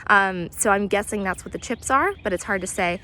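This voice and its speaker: A woman guiding an outdoor nature walk, explaining bird sounds in a relaxed way with many pauses and imitating the calls. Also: mid-range voice, a little hiss or hum. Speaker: naturalist guide. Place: outdoors near hedges and compost bins.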